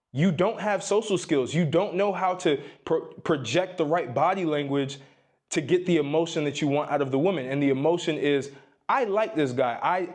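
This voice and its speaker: A man's voice: on the high side, a little mellow. A young man giving dating advice straight to the camera, emphatic and lecturing, shifting his tone up and down to stress his points. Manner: emphatic, lectures the viewer with repeated "you need to"; varies tone on purpose to stress points. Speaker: dating and self-improvement advice creator. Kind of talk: direct-to-camera advice monologue. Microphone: facing camera.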